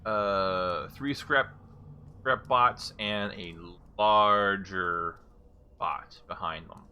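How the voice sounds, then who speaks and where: Bright-voiced man running a tabletop game. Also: lowish voice, drawn-out words, a little hiss or hum. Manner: reads descriptions aloud, correcting himself as he goes. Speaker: game master.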